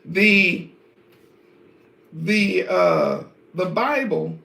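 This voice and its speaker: Guy giving a bible lesson, high bright voice, lots of room echo, gets worked up. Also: very slow, creaky. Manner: animated, preacher-like, addresses viewers directly. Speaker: Bible teacher. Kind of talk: online scripture lesson.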